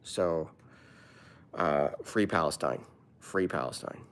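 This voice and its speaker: A man's voice: very deep voice, slow pace, fairly bright tone. A man who is a comedian, live streaming and answering his viewers' chat in an earnest, opinionated way.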